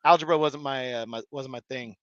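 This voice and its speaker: A man's voice: mid-range voice, a little fast, no room sound, muffled recording. A man hosting a live stream, chatting casually and rambling with many restarts and fillers. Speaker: live stream host reading chat. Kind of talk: casual chat.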